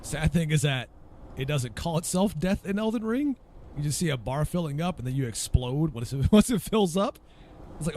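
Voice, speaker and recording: A man's voice: a little high, animated, normal speed, warm tone, slight background noise. A man giving casual, profane commentary while playing a game, ranting and talking to himself. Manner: ranting, swears freely, talks to himself while searching. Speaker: gaming video creator.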